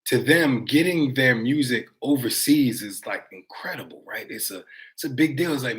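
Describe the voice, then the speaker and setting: A man's voice: mid-range voice, expressive, normal speed, fairly bright tone. An American man vlogging live, chatting casually to his viewers in a rambling, conversational way, reading their comments aloud and swearing now and then. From United States.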